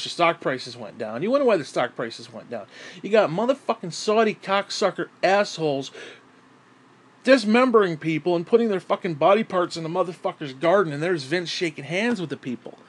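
A man delivering an exasperated, profanity-laden solo rant, sighing and swinging between yelling and muttering. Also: fairly high pitch, animated, moderate pace, husky. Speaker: wrestling commentary YouTuber.

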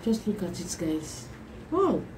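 A woman's voice: on the low side, slow, noisy background. A woman vlogger unboxing a new laptop, gushing and repeating her exclamations again and again, laughing between lines. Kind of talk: excited unboxing vlog.

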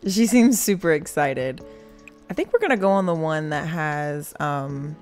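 A woman's voice: low-pitched, animated, measured pace, darkish tone. A young woman giving chatty, giggly commentary on her game, talking to viewers as y'all. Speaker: gaming channel host. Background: game music.

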